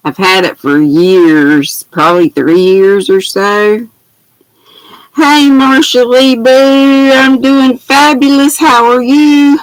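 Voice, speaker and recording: An older woman chats through a home livestream, calling out her viewers by name with sweethearts and honeys. She talks at an unhurried, drawn-out pace, and her laptop mic sounds dry and close with no room around it. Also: on the high side, fairly even intonation, no room sound, rough recording. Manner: chatty, greets viewers by name with pet names, laughs often. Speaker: craft livestream host. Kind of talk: casual livestream chat. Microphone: laptop built-in mic.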